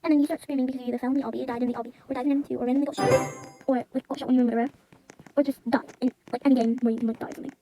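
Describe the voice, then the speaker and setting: Sped-up female voice, very high and rushed, rambling story-time chatter over loud music. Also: steady tone, poor audio. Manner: rambling, full of "like" and "you know".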